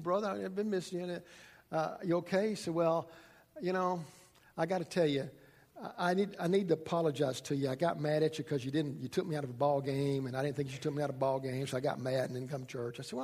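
Husky folksy preacher in a reverberant hall. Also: male voice, on the high side, a little mellow. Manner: folksy, conversational preaching with southern-style grammar. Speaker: pastor. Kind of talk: sermon storytelling. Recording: long reverb in a large room.

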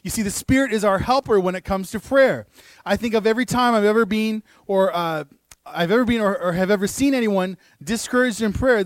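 A high-voiced man preaching to a room, reading scripture and breaking off for quick asides. He sounds earnest and rises to emphatic peaks. The sound is close and dry, with little room echo. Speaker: pastor. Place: church room.

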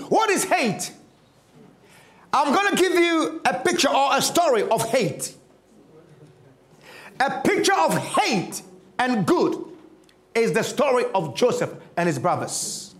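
High-voiced preacher in an echoey room. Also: male voice, sing-song, slow pace, pauses often. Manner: dramatic storytelling, swinging from loud to hushed. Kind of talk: sermon.

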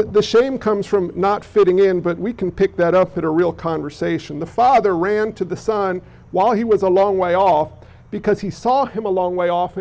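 In a mellow sermon, a pastor speaks with a high, raspy voice that's a bit stuffy from allergies. He addresses the congregation casually, asking them questions along the way, and the recording sounds muffled and low-fidelity.

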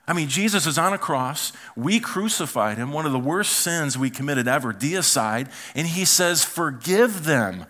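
A man preaching a sermon as pastor, animated, acting out quoted voices and dropping to quiet asides. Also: fairly high pitch, moderate pace, few pauses.

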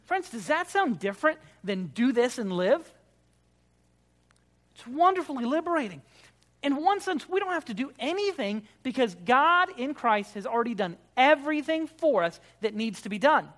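Emphatic preacher. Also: male voice, very high-pitched, very animated, moderate pace. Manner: emphatic preaching, swinging between loud declarations and quiet prayer. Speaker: Baptist pastor. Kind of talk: sermon.

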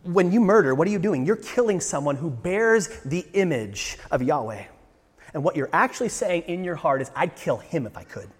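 A male pastor preaching a sermon with a fairly high voice that carries a long reverb through the church hall. His manner is earnest, swelling into emphatic bursts and rhetorical questions aimed at the congregation. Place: church sanctuary.

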